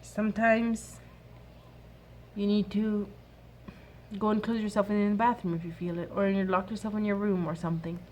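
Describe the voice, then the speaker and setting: A woman in her thirties giving an earnest, soft-spoken faith-based advice talk to other mothers. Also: medium pitch, level tone, normal speed, slight background noise. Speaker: mom sharing a workshop talk.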